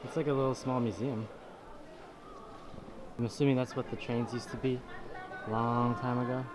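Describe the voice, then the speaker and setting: A man's voice: medium pitch, steady tone, moderate pace, over music. A man chatting casually on a travel vlog, laughing often and stopping for fillers, filmed outdoors on a handheld camera. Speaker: travel vlogger. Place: outdoors in busy tourist spots. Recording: loud outdoor crowd and street noise.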